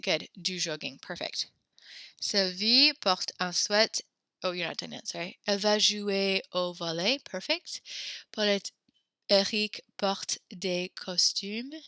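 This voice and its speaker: A young woman leads a French class over a video call, her voice bright and a little gravelly, sitting low in her range. She is upbeat and patient, cheering her students on as she corrects their sentences. The sound is close and dry. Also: unhurried, dry recording. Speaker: French teacher. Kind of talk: online class teaching. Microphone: computer mic on a video call.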